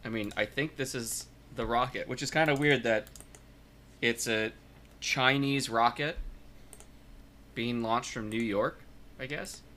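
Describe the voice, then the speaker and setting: A man's voice: medium pitch, a little slow, long pauses, bright, forceful tone, a little hiss or hum. A man co-hosting a comic book podcast, chatting casually and trailing off as he thinks aloud. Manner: musing, trails off mid-thought. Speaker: podcast co-host. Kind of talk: casual chat.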